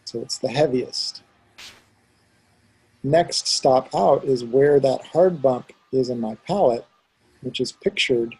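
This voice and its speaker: Gravelly, husky man teaching pronunciation. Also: medium pitch, takes it slowly, long pauses, warm tone, low-quality recording. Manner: patient, demonstrating sounds aloud. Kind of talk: one-on-one pronunciation lesson.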